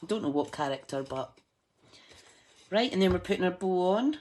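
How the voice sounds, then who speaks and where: Low-voiced chatty Scottish woman crafting. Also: lively intonation, moderate pace, warm tone. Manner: chatty, self-mocking, talks to viewers while working. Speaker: craft demonstrator. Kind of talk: casual live-stream craft demo.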